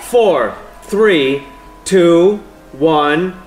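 A man's voice: fairly high pitch, drawn-out words, echoey room, soft background music. A young man co-hosting a casual podcast, joking and swearing as he riffs with friends. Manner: jokey, animated, swearing. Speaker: podcast co-host. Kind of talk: casual chat.

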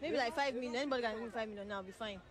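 A woman's voice: on the high side, very fast. A young woman with a Nigerian accent answering a street interviewer, bold and bargaining in Pidgin.

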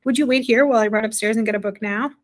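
A woman voicing a nervous, boastful ten-year-old boy who speaks in a hushed, hoarse whisper that trembles a little. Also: on the high side, racing, close to an everyday voice. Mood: eager, boastful.

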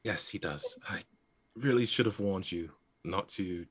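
A man voicing a gentle, apologetic female telepath with a British accent. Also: low-pitched, unhurried, husky. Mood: concerned.

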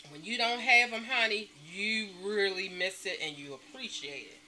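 A woman vlogging from home late at night, chatting to her viewers and calling them honey and y'all at every turn, with loud emphatic stresses. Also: mid-range voice, normal speed, hardly any pauses, a little hiss or hum. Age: adult mother. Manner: emphatic, stresses words with bursts of loudness. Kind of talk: casual chat to camera.

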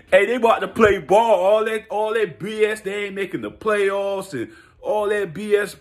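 A man vlogging a hyped, slangy football rant, laughing and repeating himself in his excitement. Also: high-pitched, a little slow. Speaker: sports vlogger.

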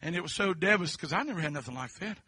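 A preacher from Kentucky with a Southern accent, giving a testimony sermon. He shifts between quiet storytelling and fervent, shouted preaching. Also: a little high, lively intonation, racing, slightly rough, dry recording.

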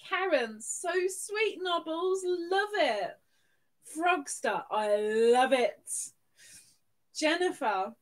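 A woman hosting a live stream, her voice high and swooping all over the place. She gushes and coos affectionately over her viewers, taking her time and drawing out her words. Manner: gushing, affectionate, reading out viewer names. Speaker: livestream host.

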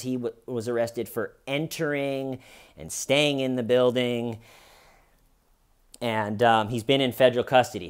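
Sarcastic rambling male comedian. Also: medium pitch. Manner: sarcastic, rambling, acts out quotes in mocking voices. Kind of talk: comedic commentary monologue.

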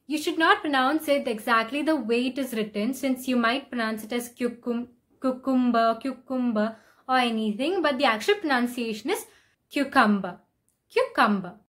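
High-voiced woman teaching careful pronunciation. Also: fairly bright tone. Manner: slow, deliberate, stressing each example word. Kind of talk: scripted pronunciation lesson.

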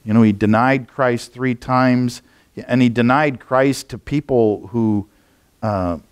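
A man's voice: medium pitch, fairly even intonation, slow, clean tone. Casual rambling male pastor preaching. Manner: conversational, rambling with frequent fillers and restarts. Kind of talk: sermon. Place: church.

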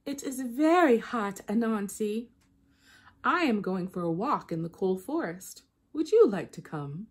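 A woman voicing a calm, clever female little bush deer who answers innocently. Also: medium pitch, unhurried, slightly rough. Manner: calm, innocent, playing along.

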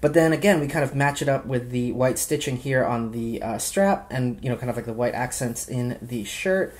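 This casual vlog has a young man showing off his watch and accessories, gushing and chatty with many fillers. His mid-range voice has a darkish tone and a normal speed.

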